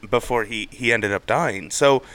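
A man's voice: normal speed, noisy background. A young man co-hosting a podcast in casual chat, telling stories and acting out quotes with big jumps in his voice. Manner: animated storyteller, acts out quotes with big pitch jumps. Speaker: podcast co-host.

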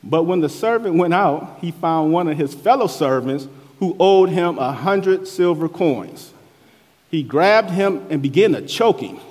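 Husky-voiced preacher in a reverberant hall. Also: male voice, expressive, a little slow, a little mellow. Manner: rises and falls in pitch and force, preaching cadence. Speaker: pastor. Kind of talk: sermon.

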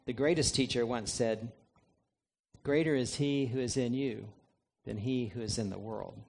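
A man, a pastor, preaching a sermon in an earnest, measured way, reading scripture aloud. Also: medium pitch, vocal fry, a little mellow, a little hiss or hum.

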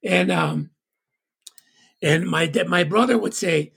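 A man from Tonga, telling a personal story as an interview guest, halting and full of "you know". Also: high voice, creaky, fairly bright tone, breathy edge.

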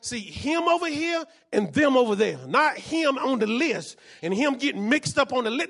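High-voiced preaching pastor, man. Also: sing-song, normal speed, gravelly, few pauses. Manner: preaches with bursts of shouting and repeated phrases; calls to the congregation for responses. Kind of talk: sermon.

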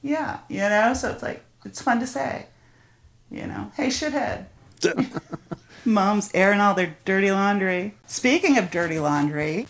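A woman's voice: mid-range voice, roomy sound. A middle-aged woman hosting a podcast in casual chat, laughing often and swearing freely. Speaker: podcast host.

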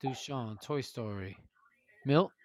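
A man hosts a casual online voice chat running a movie vote, upbeat as he calls out matchups and tallies everyone's votes. His voice is mid-range and slow, with no room sound.

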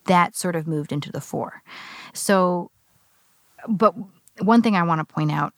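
A woman co-host on a podcast, her voice low and set in a gravelly fry. She thinks out loud in a rambling, casual way, leaning on "like" as she goes. The studio mic sound is dry and close. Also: a little slow, no room sound. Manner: thoughtful, rambling with frequent "like" fillers. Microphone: studio microphone.

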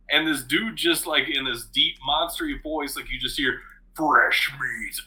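A man with a very bright, forward voice pitched a little high. He recounts scary scenes in a casual podcast chat, animated and swearing freely, breaking into laughter often. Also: poor audio. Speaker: podcast co-host.

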